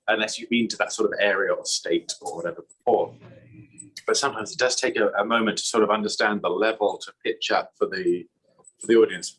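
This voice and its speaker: Man, english accent, low-pitched, husky, casual interview chat, rambling with restarts. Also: a bit bright, poor audio. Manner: rambling, self-correcting, laughs often. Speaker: magician guest.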